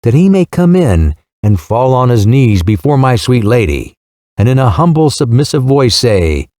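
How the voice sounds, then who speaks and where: A man's voice: mid-range voice, very animated, normal speed, dark tone, no room sound, clean studio sound, natural voice. A man voicing an idealistic middle-aged knight errant who speaks in grand, old-fashioned phrases in an audiobook reading. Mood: dreamy.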